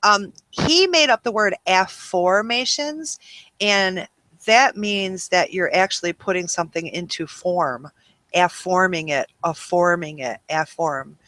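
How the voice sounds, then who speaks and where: A woman's voice: lowish voice, a little slow, a bit bright, no room sound. A woman hosting a webinar in a casual, rambling way, full of ums and you-knows. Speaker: webinar host.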